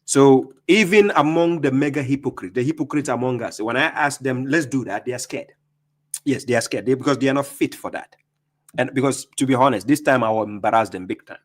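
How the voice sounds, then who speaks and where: A man's voice: mid-range voice, a little fast. A man hosting a live stream, talking casually and greeting viewers by name, laughing often.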